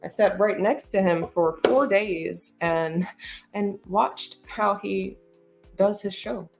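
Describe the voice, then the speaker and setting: A woman's voice: medium pitch, slow pace, gravelly, over music. A woman hosting a casual commentary, talking bluntly and emphatically with lots of profanity. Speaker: commentary host.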